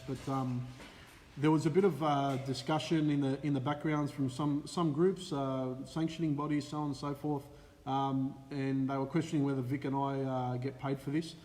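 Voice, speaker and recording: A mid-range, moderately paced male voice echoes through a large hall. The Australian co-host of a casual live racing stream lively reels off viewers' names, peppering them with frequent "uh" fillers.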